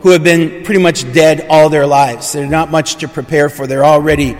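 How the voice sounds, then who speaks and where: Priest with a fairly high voice, echoing church. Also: male voice, steady tone, normal speed. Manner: conversational, with fillers and restarts. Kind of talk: gospel reading and homily. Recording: long church reverb.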